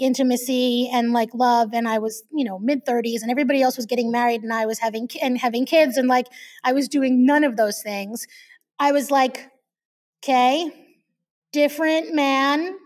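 A woman's voice: high-pitched, distant mic. Frank, profane woman in her forties. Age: 40s. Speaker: podcast guest. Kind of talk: candid conversational storytelling.

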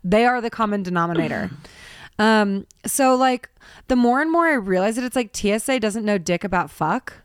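A woman's voice: medium pitch, expressive, normal speed, clean tone, no room sound, clean studio sound. A young woman co-hosting a casual podcast, telling stories in an exasperated, profane rant. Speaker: podcast co-host. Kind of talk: casual chat, storytelling.

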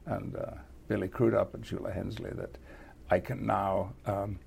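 Older British actor guest, gravelly, halting, chuckly; casual interview talk. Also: male voice, fairly low pitch, flat delivery, a little mellow, a little hiss or hum.

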